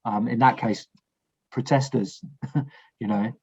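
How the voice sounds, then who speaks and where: Husky low-voiced man, frank podcast guest, dull lo-fi recording. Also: fairly even intonation, slow pace, darkish tone. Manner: frank, blunt, swears, restarts sentences. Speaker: war veteran guest. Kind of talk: casual podcast conversation.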